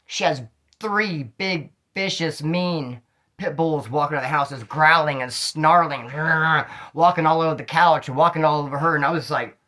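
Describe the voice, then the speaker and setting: A man telling stories from his own street life in casual slang, animated and acting out the dialogue. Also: a little high. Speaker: storyteller recounting street life. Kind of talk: casual storytelling monologue.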